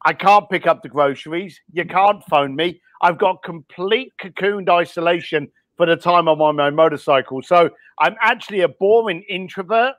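Middle-aged guest with a blurred East London accent: high-pitched, candid, casual, the odd swear, dry close sound. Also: male voice, normal speed, few pauses, a bit bright, dry recording. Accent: mixed East London. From East London, England. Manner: candid, blunt, with mild swearing and frequent ums. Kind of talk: casual podcast interview.

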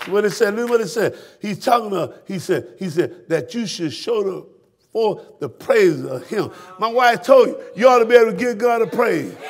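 High-voiced shouting Southern preacher man. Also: animated, moderate pace, a little hiss or hum. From Florida, US. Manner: preaching with shouted peaks and sudden hushed drops. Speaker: pastor. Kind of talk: fiery sermon.

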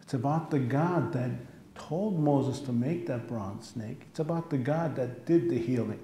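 Emphatic preacher in an echoey church. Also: male voice, mid-range voice, unhurried, dark tone, slight background noise. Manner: emphatic preaching, repeats phrases for stress. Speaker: pastor. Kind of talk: sermon. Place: church sanctuary.

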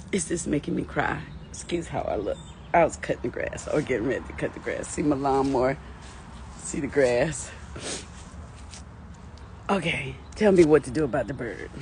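A woman's voice: low-pitched, darkish tone, a little hiss or hum. A tearful woman live-streaming from her yard, talking emotionally and repetitively to her viewers. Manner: emotional, repetitive self-talk, nervous laughs. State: tearful, on the verge of crying. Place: outdoors in a yard by the lawn.

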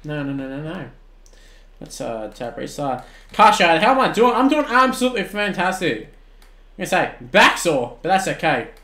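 An Australian man in his twenties streaming a football video game, shouting at the plays and then chatting casually with viewers. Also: a little high, normal speed, roomy sound. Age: 20s. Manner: excitable, swings from shouting at the game to relaxed chat. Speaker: gaming streamer. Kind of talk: live-stream commentary and chat replies.

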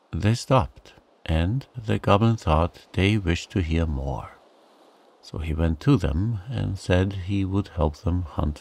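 A man reading a bedtime sleep story in a calm, soothing narration. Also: low-pitched, vocal fry.

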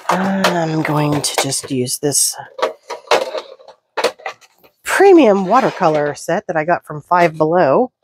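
Low-voiced Southern woman chatting while crafting. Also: big pitch swings, slow, long pauses, heavy background noise. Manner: chatty, talks to herself while working, some mumbled asides. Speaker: crafting channel host. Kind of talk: casual crafting commentary.

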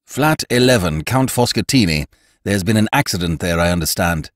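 A man doing a brisk, urgent doctor. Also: deep voice, animated, no echo. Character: brisk middle-aged male doctor.

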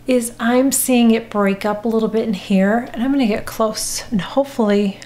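A woman's voice: medium pitch, dark tone, a little hiss or hum. An older woman giving an unscripted makeup review, chatty and rambling, correcting herself as she goes. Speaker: beauty vlogger. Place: indoor home room, rain outside. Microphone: camera mic. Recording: echoey room on camera mic.

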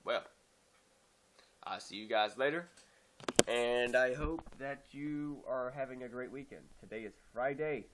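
A man talking casually to his viewers in a hesitant, soft-spoken way that often trails off quietly, recorded on a phone. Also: medium pitch, a little slow, background noise. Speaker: channel host. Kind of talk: casual talk to camera.

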